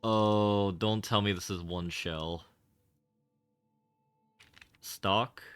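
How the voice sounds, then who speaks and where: A man's voice: on the low side, steady tone, extremely slow, a bit bright, clear, resonant tone, no echo, faint music behind. A man streaming a game, talking casually with rambling, wry and sarcastic asides and casual swearing. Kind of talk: casual gaming livestream commentary.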